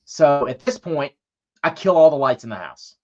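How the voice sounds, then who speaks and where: A man's voice: fairly high pitch, sing-song, normal speed, darkish tone, muffled recording. A man co-hosting a podcast, telling a long story in a loose, profane way and acting out what people said. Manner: profane, rambling anecdote with acted-out quotes. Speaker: podcast co-host. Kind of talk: casual storytelling chat.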